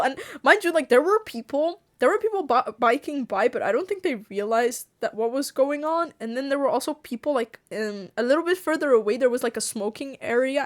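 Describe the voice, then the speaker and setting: A woman streamer telling a story to her viewers in a casual chat, animated, laughing often and swearing freely. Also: high-pitched. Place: home streaming setup.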